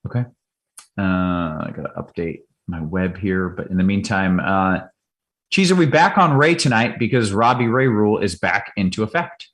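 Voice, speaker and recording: A man hosting a casual sports betting chat, joking and firing off quick questions. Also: fairly low pitch, a bit bright. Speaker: host.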